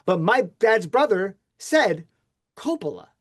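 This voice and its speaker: A man hosting a podcast who tells a long personal story in a casual, animated way, with his pitch swinging widely. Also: normal speed. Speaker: podcast host. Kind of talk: casual interview chat.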